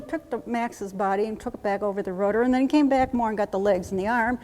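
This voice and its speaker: A woman trainer demonstrating a trauma-relief technique, calmly repeating soothing reassurances in a steady chant. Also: on the high side, fast, few pauses. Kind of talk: instructional demonstration. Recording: long reverb.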